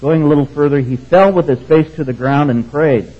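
A male preacher delivers a sermon with a slightly husky, breathy voice. He reads scripture and keeps asking his congregation "right?". The recording sounds dull and muffled. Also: on the high side, brisk, few pauses, warm tone. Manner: conversational, keeps checking in with the congregation.

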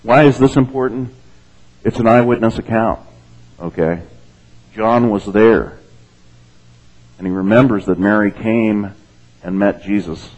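A man with a fairly low voice delivers a sermon, reading scripture aloud and commenting on it. He talks to the congregation in a relaxed, conversational way and keeps checking in with "okay?" and "amen?". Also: measured pace, long pauses, poor audio. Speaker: pastor.

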